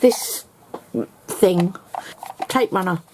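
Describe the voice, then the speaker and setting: A woman's voice: fairly low pitch, extremely slow, a little hiss or hum. A woman giving a casual, rambling craft tutorial, explaining step by step at home.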